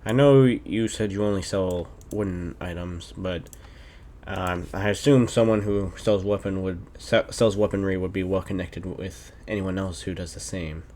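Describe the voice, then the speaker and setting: A man playing a tabletop game, calm and matter-of-fact. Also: low voice, moderate pace. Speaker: player. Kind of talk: casual tabletop role-play.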